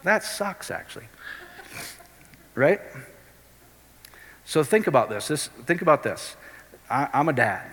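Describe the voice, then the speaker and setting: A middle-aged man preaches with a forceful, bright edge. He talks animatedly and keeps checking in with the crowd. His voice rings out with a long hall reverb. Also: on the high side, a little slow, long pauses. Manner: animated, keeps asking the crowd if it makes sense. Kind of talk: sermon.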